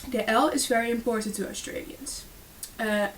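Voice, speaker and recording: A woman's voice: on the high side, fairly even intonation, normal speed. Hesitant woman reading a class presentation. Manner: hesitant, frequent fillers and restarts. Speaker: student presenter. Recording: distant mic with faint hiss.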